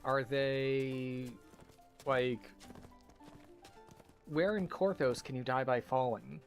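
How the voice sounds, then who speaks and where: A man's voice: mid-range voice, steady tone, slow, soft background music. A man casually commenting while he plays a game, rambling with lots of filler words. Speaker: game streamer.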